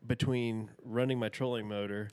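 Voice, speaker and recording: A man's voice: medium pitch, fairly even intonation, moderate pace, darkish tone, no echo. A man in his thirties, a podcast guest telling a rambling, folksy story and laughing often. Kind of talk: casual storytelling.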